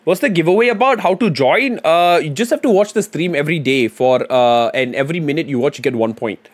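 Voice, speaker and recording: Here the streamer's voice is a little high and lively, and he talks fairly quickly. He reads chat aloud in a mumble, thinks out loud while typing suggestions, and keeps the conversation loose, slangy and packed with fillers.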